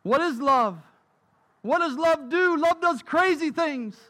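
A man's voice: extremely high pitch, expressive, takes it slowly, bright, forceful tone. A man preaching a sermon, telling stories emphatically and repeating key phrases. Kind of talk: sermon storytelling.

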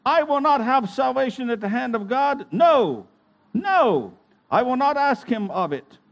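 A man voicing a dying man who raves in despair and torment, crying out loudly in anguish. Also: very high voice, very animated, a little slow, heavily acted. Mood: raging.

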